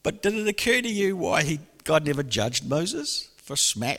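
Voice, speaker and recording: A man preaching a sermon in a church hall, lively and animated, often laughing and acting out voices. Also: fairly high pitch, normal speed, hardly any pauses. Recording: long hall reverb.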